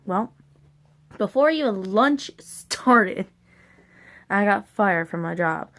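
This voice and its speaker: A woman's voice: medium pitch, lively intonation, slow, pauses often, a bit bright. A woman vlogger casually telling a personal story, rambling and candid, with some casual swearing.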